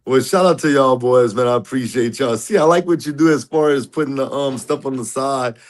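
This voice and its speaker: A man's voice: medium pitch, fairly quick. Teasing laughing man hosting sports talk. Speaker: show host. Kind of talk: casual sports debate chat.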